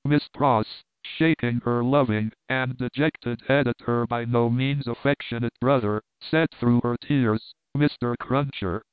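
A man narrating a classic novel in a measured, even way, with a smooth and clear mid-pitched voice. The recording is dry and close, with a narrow, phone-like sound. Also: no echo.

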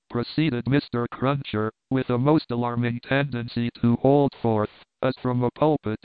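A man narrating a classic novel aloud in a measured, even reading. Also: mid-range voice, clear, resonant tone, dry recording. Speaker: audiobook narrator. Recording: dry, phone-like narrow sound.

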